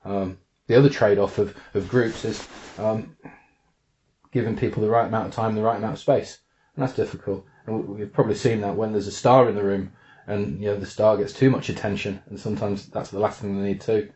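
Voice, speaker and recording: A man's voice: on the low side, fairly even intonation, fairly quick, darkish tone. A man who works as a coach, thoughtfully explaining his approach in an interview, repeating words as he thinks. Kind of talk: reflective interview answer. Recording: dull lo-fi sound.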